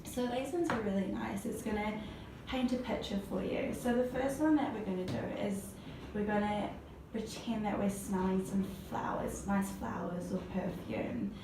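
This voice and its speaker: A woman's voice: mid-range voice, steady tone, moderate pace, hardly any pauses, noisy background. Encouraging woman guiding breathing exercises. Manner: encouraging, praises often. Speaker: voice therapist guiding a client. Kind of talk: step-by-step instruction. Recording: echoey room, mic at a distance.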